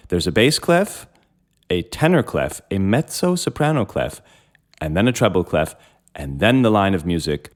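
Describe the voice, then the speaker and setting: A man hosting a music lesson, patiently explaining step by step while he plays a keyboard. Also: sits low. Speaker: music educator and host. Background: harpsichord playing.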